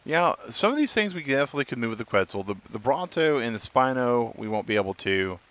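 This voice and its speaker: A man's voice: mid-range voice, big pitch swings, fast, a bit bright, muffled recording. A man giving live gameplay commentary as a streamer, chatting and answering viewers in chat. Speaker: gaming streamer.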